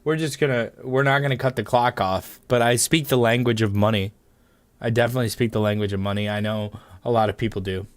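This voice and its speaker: A young male streamer talks in a loose, joking way during his live broadcast. His voice sits at an ordinary middle pitch, and he rambles playfully from one bit to the next. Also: fairly even intonation, brisk, no echo. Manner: joking, goofy, breaks into silly high voices. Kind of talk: casual live-stream chat.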